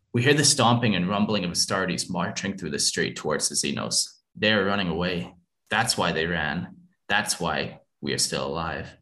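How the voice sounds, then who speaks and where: A man's voice: low voice, sharp tone. A man reading a first-person war story aloud in an earnest, somber way. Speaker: narrator.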